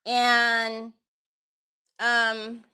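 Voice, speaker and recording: A woman hosts a crafting livestream in a loose, chatty storytelling style. Her voice sits a little high, and she rambles from one detail to the next, laughing as she goes. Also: completely flat delivery, very slow, bright, forceful tone, clear, resonant tone. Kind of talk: casual storytelling chat.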